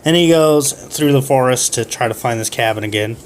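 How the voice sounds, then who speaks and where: A man telling a rambling comic story in a casual, animated way. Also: medium pitch, a little fast, slight background noise.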